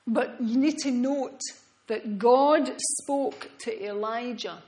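A woman delivers a sermon at an unhurried pace. Her voice sits a little high, and her earnest, reflective delivery often sinks into soft, hushed tones. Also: rough recording. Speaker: preacher.

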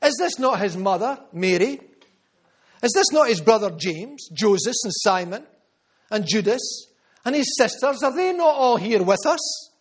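Preaching unhurriedly to his congregation, a Scottish man serving as pastor uses repetition to drive his points home and slips into quiet asides. His high-pitched voice moves through big pitch swings.

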